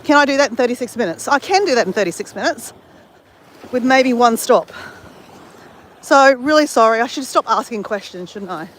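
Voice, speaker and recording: A woman's voice: on the high side, expressive, moderate pace. An Australian woman chatting to her live-stream viewers while she walks along a beach at sunrise. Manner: chatty, greets viewers, talks while walking. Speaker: livestream host. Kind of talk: casual live-stream chat while walking. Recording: faint outdoor background noise.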